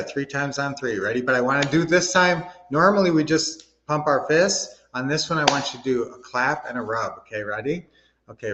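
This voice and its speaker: A man's voice: a little high, a bit bright, in a large hall, highs cut off. A middle-aged man hosting a casual coaching livestream, upbeat and motivational, talking straight to his viewers. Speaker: livestream host, real estate coach.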